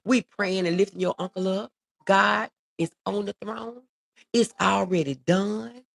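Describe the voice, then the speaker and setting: A woman's voice: medium pitch, fairly even intonation, unhurried, gravelly. A middle-aged woman, hosting a casual livestream, reading viewer comments and talking with feeling. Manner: warm, reads viewer comments aloud, emotional. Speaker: livestream host.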